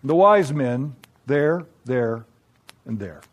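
A man narrating a scripted story in a reflective, measured, gently wry way. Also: mid-range voice, expressive.

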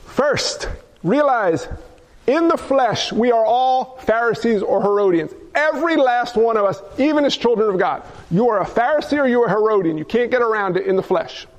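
A man with a strikingly high voice for his sex, delivering a fervent sermon. He presses his listeners with one rhetorical question after another and drives each point home with emphatic repetition. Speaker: preacher.

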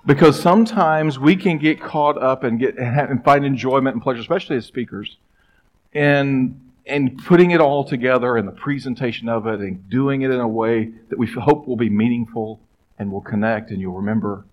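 A middle-aged man preaching a sermon as pastor, conversational and emphatic, with pauses and stressed phrases. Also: mid-range voice, rough recording.

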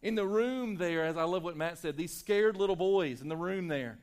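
A man's voice: normal speed, clean tone. Man preaching a dramatic sermon. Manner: preaching with dramatic swings between loud emphasis and hushed lows. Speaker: pastor. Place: church sanctuary.

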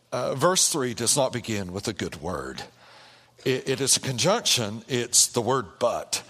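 A pastor preaching a sermon in an animated way, with repeated phrases and calls of "amen" to the congregation. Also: male voice, medium pitch, husky. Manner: animated, repetitive rhetorical preaching with call-and-response. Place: church sanctuary. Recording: long hall reverb in a church.

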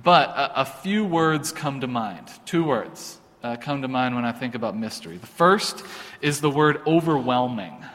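A man's voice: medium pitch, animated, moderate pace, fairly bright tone. A man pastor giving an informal, earnest sermon, often restarting his sentences. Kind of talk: conversational sermon. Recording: long hall reverb.

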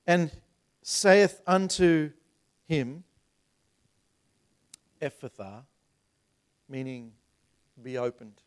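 A man's voice: a little high, normal speed, clean tone. A man in his thirties preaching a sermon to a congregation, talking in a conversational way that rises into emphatic passages. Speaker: pastor. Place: church sanctuary.

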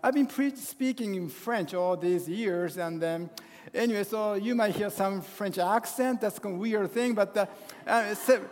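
Fifties guy giving a sermon, lots of uh's and restarts, high voice, long church echo. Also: darkish tone. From Japan. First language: Japanese. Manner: halting, full of hesitations and restarts. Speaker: guest pastor. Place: church sanctuary. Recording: long hall reverb in a church.

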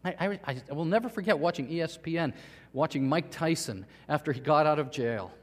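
Man preaching, animated storyteller, fairly high voice, long church reverb. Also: a little fast. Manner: animated storytelling, addressing children and congregation. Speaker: pastor. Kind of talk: sermon.

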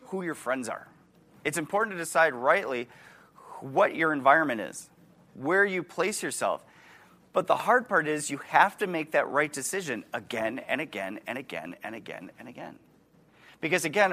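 A man's voice: medium pitch, bright, forceful tone. A man in his forties with a Wisconsin accent, preaching a sermon in a conversational way and putting questions to his listeners. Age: 40s. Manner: conversational, asks the audience questions, restarts words.

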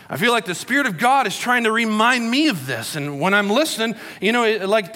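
A middle-aged pastor with a high, sharp-toned voice preaches a sermon in a conversational, storytelling style, acting out quotes. Long hall reverb colors the recording.

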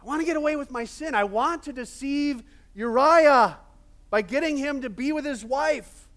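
A man's voice: extremely high pitch, moderate pace, fairly bright tone, voice pushed up. A man voicing a scheming biblical king, agitated and pleading, in a raised voice. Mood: anxious.

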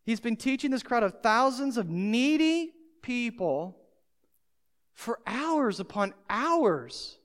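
Delivering a sermon slowly, this pastor has a mid-range voice with big swings in pitch. The recording carries a long hall reverb, and the preaching is emphatic and aimed squarely at the listeners.

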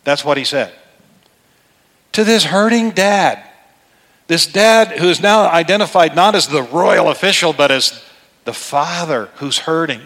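A middle-aged man preaches as pastor from the pulpit at a moderate pace, his voice a little high, bright and forceful. He moves from casual talk to emphatic declarations, and a large hall's long reverb lingers after each phrase.

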